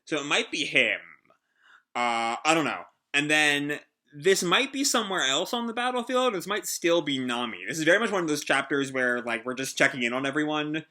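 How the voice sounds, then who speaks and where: Man hosting a casual reaction, rambling and hesitant, lively pitch, very bright voice. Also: moderate pace. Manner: rambling, hesitant, many fillers. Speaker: host.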